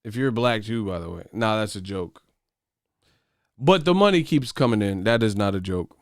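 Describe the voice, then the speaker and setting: A man's voice: lowish voice, moderate pace, no room sound, studio quality. A man hosting a boxing channel who rants to his viewers in casual, profane livestream chat. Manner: profane, animated ranting.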